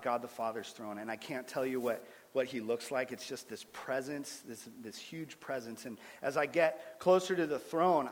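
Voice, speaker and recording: A man in his thirties giving an earnest sermon-style testimony as a guest speaker, swinging between loud and hushed. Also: medium pitch. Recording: long hall reverb.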